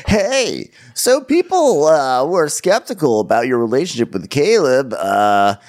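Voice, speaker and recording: A man's voice: medium pitch, sing-song, measured pace, a little mellow. Male recap podcast co-host: mid-range voice that rises and falls a lot, wry storytelling delivery. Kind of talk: comedic reality TV recap.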